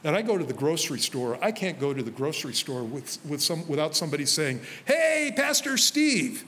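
A man preaching a sermon as pastor, telling personal stories in a relaxed conversational way. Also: on the high side, fast. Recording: faint hall reverb with light noise.

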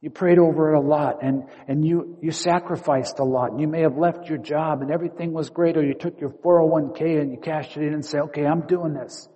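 A male pastor preaching a story-filled sermon, acting out inner dialogue and shifting between quiet and loud. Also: fairly high pitch. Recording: long hall reverb.

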